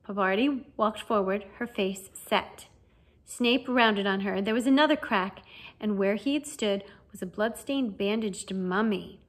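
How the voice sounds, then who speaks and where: A woman narrating a children's fantasy novel as an audiobook reader, with a lively, expressive reading. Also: medium pitch, unhurried. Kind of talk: storybook narration.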